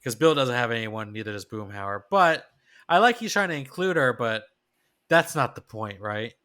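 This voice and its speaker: A man's voice: mid-range voice, expressive, normal speed, sharp tone. A man co-hosting a podcast, reacting and thinking aloud in casual chat. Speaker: podcast co-host.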